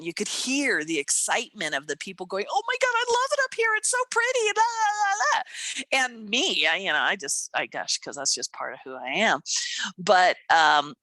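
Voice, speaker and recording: Podcast lady telling a story, swoops all over in pitch, bright voice, dry close sound. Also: no room sound. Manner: animated storytelling, acts out voices, laughs often. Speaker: podcast co-host and coach. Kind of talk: casual chat.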